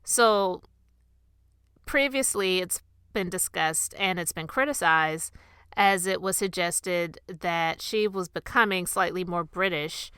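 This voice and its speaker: Bright, crisp-voiced woman podcast host. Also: on the low side, slow, dry recording. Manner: chatty, opinionated, addresses the audience directly. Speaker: host of a commentary channel and podcast. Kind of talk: casual commentary monologue.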